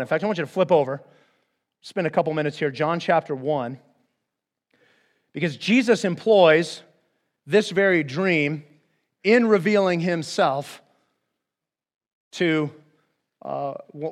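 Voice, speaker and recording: A man preaching a conversational sermon as pastor, acting out the speakers in the Bible stories. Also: on the high side.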